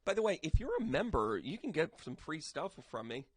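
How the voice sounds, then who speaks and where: Man, tarot reader, talkative and playful, somewhat high pitch, dry recording. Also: fairly quick, slightly rough, dry recording. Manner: chatty, animated, jokey asides. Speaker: psychic medium and tarot reader. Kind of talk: casual tarot reading livestream.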